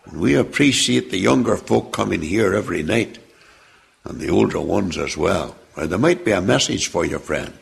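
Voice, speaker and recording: A man preaching a sermon and reading scripture aloud, with slow, emphatic delivery that sinks low and quiet at the ends of phrases. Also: expressive, gravelly, breathy edge. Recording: long hall reverb.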